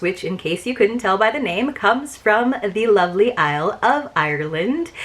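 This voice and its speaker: A woman's voice: medium pitch, fairly bright tone. Gushing woman hosting an unboxing. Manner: chatty and gushing, with frequent "like" and "you guys". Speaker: unboxing channel host. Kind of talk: casual unboxing chat to camera.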